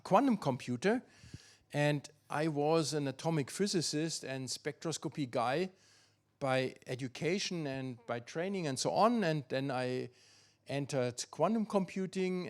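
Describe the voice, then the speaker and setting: An older man with a German accent lectures on physics, pitched a bit high for a man. He thinks aloud as he goes, with fillers, restarts and quick asides to the audience. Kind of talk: academic lecture.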